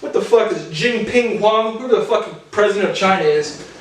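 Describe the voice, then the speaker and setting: High-voiced young man rambling in echoey room. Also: moderate pace, slight background noise. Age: 20s. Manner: rambling, profane, animated tangents. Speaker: vlogger. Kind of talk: rambling personal monologue to camera. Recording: very echoey room, voice far from mic.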